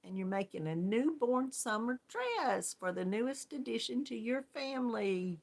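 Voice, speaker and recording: A woman's voice: on the high side, big pitch swings, normal speed, vocal fry, a little mellow. A woman hosting a casual live-stream chat, greeting viewers one by one and laughing often. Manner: chatty, friendly, laughs often. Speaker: yarn crafts channel host.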